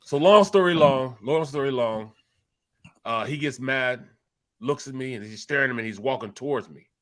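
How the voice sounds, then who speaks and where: A man with a Philadelphia accent tells a story on a sports talk show, voice at an ordinary middle pitch. He gets animated and stumbles over repeated words as he builds up. It is casual, chatty sports talk. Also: normal speed.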